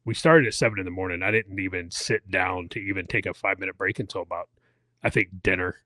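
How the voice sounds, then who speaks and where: A man in his forties with a very low voice that still sounds bright and forceful. He rambles through a self-mocking story in casual chat, full of fillers and restarts. The sound is dry and close. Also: fast, dry recording. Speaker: podcast co-host. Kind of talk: casual chat, recounting an endurance event.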